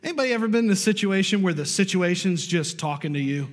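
A male pastor preaching a storytelling sermon, swinging from loud bursts to hushed, low lines. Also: expressive, fast, long reverb tail.

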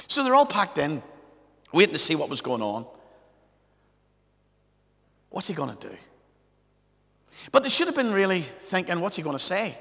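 A pastor preaching in a gravelly, fairly high voice with a bright, forceful edge. He tells stories conversationally and keeps checking in with "right?". His voice rings with a long reverb through a church hall. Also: huge pitch swings, normal speed, long pauses. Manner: chatty, anecdotal, tags lines with "right?". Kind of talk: storytelling sermon.

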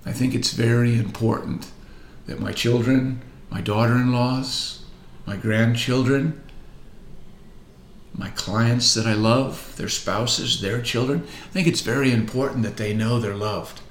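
An older man in his sixties delivers a motivational coaching talk with a mid-range voice. He leans hard on repeated words and moves between loud pushes and soft, drawn-out lines. The room gives back a noticeable echo. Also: medium pitch, steady tone, a little hiss or hum. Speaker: practice coach. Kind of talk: motivational speech. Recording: roomy echo.

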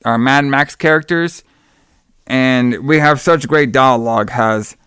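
A man co-hosting a horror-movie podcast recaps plot points in a loose, rambling way, laughing and swearing as he goes. His voice is smooth and clear. The recording is dry and close to the mic. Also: mid-range voice, unhurried, fairly bright tone, no room sound. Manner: rambling, profane, laughs often. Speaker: podcast co-host. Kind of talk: casual movie-review chat.

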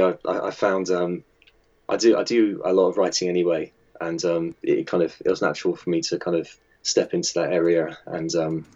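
A man with a very deep voice talks through his work in a casual interview. He rambles along with lots of ums and false starts. The recording is dull and lo-fi. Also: a little mellow. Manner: chatty and hesitant, with many fillers and restarts. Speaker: magazine editor and designer.

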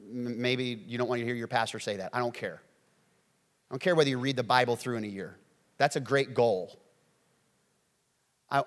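A pastor preaching a sermon, moving between quiet, earnest lines and loud, excited acted-out quotes. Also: male voice, mid-range voice, long reverb tail. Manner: animated, swings from hushed to shouting, acts out quotes.

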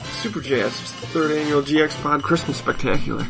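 A man co-hosting a podcast in casual chat, rambling and swearing freely, with a gravelly husky voice. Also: fairly high pitch, fairly quick, music in the background. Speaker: podcast co-host.

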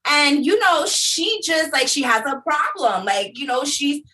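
A blunt, unfiltered woman in her thirties, talking as a podcast guest, often stammering before she gets a thought out. Her voice is bright and a little high. She sits back from the mic. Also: lively intonation, measured pace, recorded from a distance. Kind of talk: casual podcast chat.

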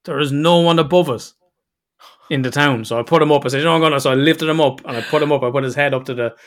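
A man's voice: fairly high pitch, fast talker. Irish man, chatty podcast host. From Ireland. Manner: rambling, with restarts and acted-out quotes. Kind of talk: casual chat.

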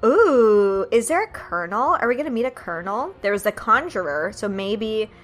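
A woman playing in a tabletop game, giggly and excitable as she muses out loud. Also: a little high, normal speed. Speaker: player. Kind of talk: casual tabletop game chat.

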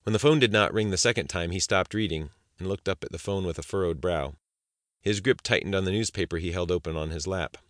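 A man reading a thriller audiobook aloud in a steady, measured way. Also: deep voice, no room sound, studio quality. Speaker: narrator. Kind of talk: scripted audiobook narration.

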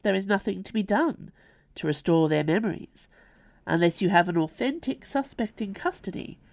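A woman's voice: lowish voice, creaky, a little mellow. A woman playing an elegant, formal lady official. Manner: refined and formal.

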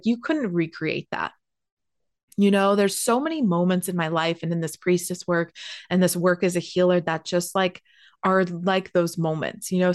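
A pregnant woman, telling a personal story in a chatty, animated way, with a lot of "like" and casual swearing. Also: on the low side, no room sound, clean studio sound. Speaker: spiritual healer sharing a personal story.

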